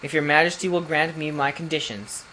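A man voicing a proud, honourable young crown prince who speaks in a stately, formal way, a little above his own pitch. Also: flat delivery, fairly quick, pushed and bright, a little hiss or hum, rough recording.

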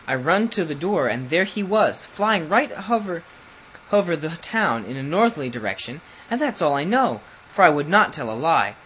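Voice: mid-range voice, a bit bright, slight background noise, voice pushed up, rough recording. A reader voicing a nervous, bumbling under butler who speaks in broken rustic grammar and stumbles over words in a storybook reading.

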